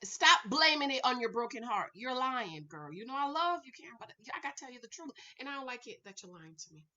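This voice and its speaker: A woman's voice: high-pitched, big pitch swings, fast talker, bright, forceful tone, lo-fi sound. A woman recording a casual, sassy recap vlog at home, chatting to her viewers and calling them y'all, honey and girl. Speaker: reality TV recap vlogger.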